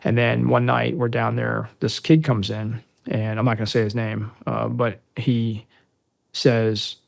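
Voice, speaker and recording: A man in his fifties from the United States, with a gravelly, rough-edged voice at a middle pitch, sits as a podcast guest recounting his service days. He talks casually and swears freely, and when he reaches the dialogue he throws himself into it, voicing each exchange out loud with real force. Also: measured pace. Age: 50s. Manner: animated, profane storyteller who acts out dialogue loudly. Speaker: podcast guest, military veteran. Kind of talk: casual storytelling in a long-form interview.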